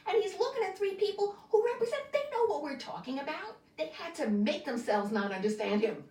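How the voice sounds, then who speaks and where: A woman speaking in an animated, conversational way in a documentary interview. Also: high-pitched, a little fast. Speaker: commentator interviewee. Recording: roomy, distant mic.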